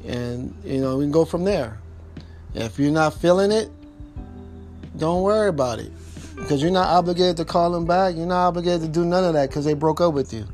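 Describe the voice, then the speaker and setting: Faint music plays behind a man whose voice is a little high with a darkish tone, moving at a moderate pace. Speaking informally and directly to the listener, he gives relationship advice, repeats himself emphatically and uses double negatives.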